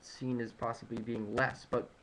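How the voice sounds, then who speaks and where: A man's voice: mid-range voice, level tone, moderate pace, a bit bright, slight background noise, low-quality recording. A man giving an informal talk on food trends, rambling through figures with many fillers, restarts and joking asides. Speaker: nutrition presenter. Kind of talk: casual informal lecture. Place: home room at sunrise.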